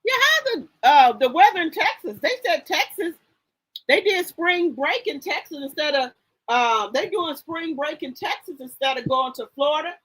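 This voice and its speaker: Her voice sits high, expressive and fairly bright at normal speed, on a low-quality recording. On her live stream she chats about gossip in a sassy way, reading chat aloud and calling out viewers by name.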